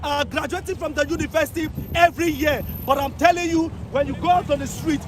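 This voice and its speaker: Young Nigerian man shouting a high-pitched plea. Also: fairly even intonation, fast. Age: young adult. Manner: pleading, often shouting. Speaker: street protester. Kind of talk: impassioned street appeal. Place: outdoors on a busy street. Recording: noisy outdoor crowd recording.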